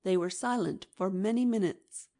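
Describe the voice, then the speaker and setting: Woman reading an old novel aloud, steady and expressive, mid pitch. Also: normal speed. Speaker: audiobook narrator. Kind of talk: scripted narration.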